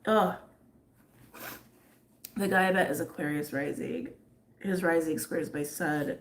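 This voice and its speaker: A woman reading tarot and chatting casually on a livestream, rambling and laughing often, her voice a little hoarse. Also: low-pitched, slow pace, long pauses, slight background noise. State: slightly hoarse. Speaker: tarot reader.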